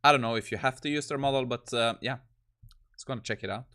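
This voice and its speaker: A man's voice: mid-range voice, quick pace, bright, forceful tone. A man hosting a tech video who comments casually on a demo and thinks aloud. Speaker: host.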